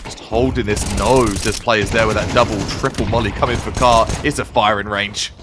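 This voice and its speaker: A man calling a competitive shooter match as play-by-play caster, with lively, punchy calls and slang. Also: fairly low pitch, moderate pace, background noise. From Canada. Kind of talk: esports play-by-play commentary.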